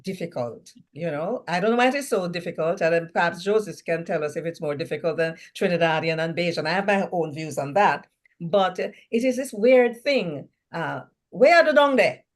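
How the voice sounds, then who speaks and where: A woman talking on a panel, lively and acting out phrases as she explains. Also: lowish voice, brisk. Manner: lively, laughs, acts out phrases. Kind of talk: panel discussion.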